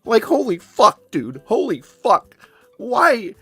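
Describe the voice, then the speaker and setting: A woman's voice: a little high, big pitch swings, takes it slowly, husky, no room sound, faint music behind. A woman giving casual reaction commentary, exasperated and incredulous, swearing often.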